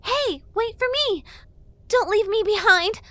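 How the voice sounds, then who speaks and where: Audiobook fairy: a woman doing a pushy young girl sprite, stammering and sarcastic, pitched up high. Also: animated, a little slow, fairly bright tone, full character voice. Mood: pushy, flustered. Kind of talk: audiobook character voice.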